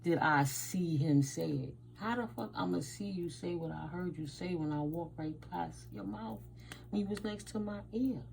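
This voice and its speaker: A woman's voice: lowish voice, normal speed, vocal fry, a little mellow, a little hiss or hum, rough recording. A woman from the United States doing a casual tarot reading and telling stories, blunt and emphatic, with Spanish words mixed in. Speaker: tarot reader.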